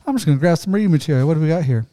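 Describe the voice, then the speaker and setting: Slightly high-voiced man cracking jokes. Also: animated, very fast, warm tone. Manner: jokey quips, playful. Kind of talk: casual chat. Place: home garage.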